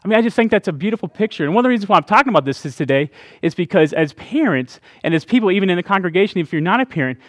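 Talking very fast with hardly any pauses, a middle-aged pastor gives an expressive, conversational sermon in a high voice. He laughs through asides and keeps checking with listeners using "right?", captured in a dry recording.

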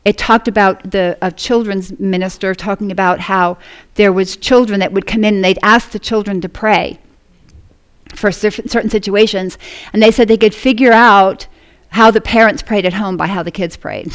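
A woman's voice: medium pitch, steady tone, moderate pace. A woman preaching a sermon to a congregation, earnest and laughing often as she speaks.

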